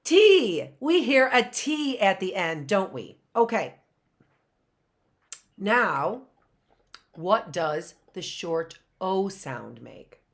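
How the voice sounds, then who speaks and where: A middle-aged woman teaching a phonics lesson to young children, slowly sounding out words and spelling them letter by letter. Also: medium pitch, sing-song. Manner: slow, sounding out words syllable by syllable.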